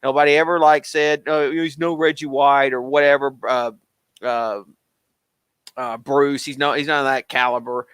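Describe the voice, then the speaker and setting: A man co-hosting a casual sports chat, rambling and excitable, with lots of fillers. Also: medium pitch, moderate pace, smooth, no room sound. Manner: rambling, excitable fan talk with many fillers. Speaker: podcast co-host.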